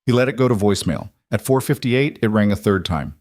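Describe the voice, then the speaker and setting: Low-voiced male story narrator. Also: a little fast, no echo, clean studio sound. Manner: steady, plain storytelling.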